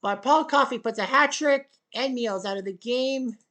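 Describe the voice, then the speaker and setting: A woman giving play-by-play commentary on a table hockey game, with excited goal calls and sarcastic asides to the viewers. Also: fairly high pitch, moderate pace.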